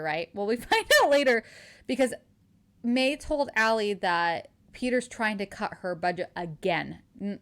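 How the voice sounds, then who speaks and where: A woman co-hosting a podcast, casually retelling a novel's plot with lots of "like" and acted-out dialogue. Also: medium pitch. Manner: animated storyteller, acts out dialogue, frequent "like". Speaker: podcast co-host. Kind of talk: casual book recap chat.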